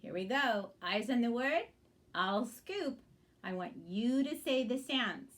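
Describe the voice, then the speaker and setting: A woman's voice: on the high side, animated, slow pace. A woman teaching young children to blend word sounds in a reading lesson, speaking patiently and encouragingly and checking in often.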